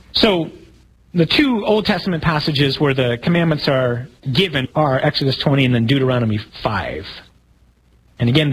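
A man's voice: fairly high pitch, slight background noise, poor audio. Conversational male priest giving a talk. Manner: conversational, wry, asks the listeners questions. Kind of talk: casual sermon talk.

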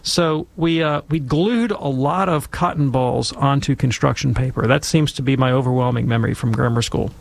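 A man talking casually and emphatically, telling stories and giving commentary in an animated, conversational way. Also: medium pitch, normal speed, creaky, hardly any pauses.

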